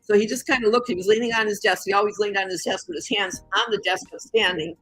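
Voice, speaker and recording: An older woman from the Chicago area, a guest in an interview, telling a story with lively acted-out voices. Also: mid-range voice, fast, no echo, rough recording. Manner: animated storyteller who acts out the voices in her story.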